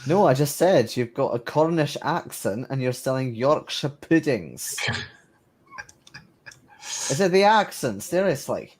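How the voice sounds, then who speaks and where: A man's voice: medium pitch, sing-song, unhurried, long pauses, a little mellow, husky. A British man playing a tabletop game, blunt and sweary in casual chat. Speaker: player.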